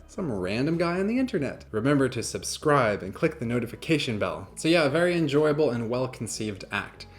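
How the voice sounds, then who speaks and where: A man with a mid-range voice hosts a casual video, talking in a loose, chatty way. He jokes often and breaks into laughs as he reads and muses aloud. He comes across as relaxed and playful. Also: mid-range voice, brisk, few pauses. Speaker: magician and YouTuber. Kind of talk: casual reaction vlog and fable reading.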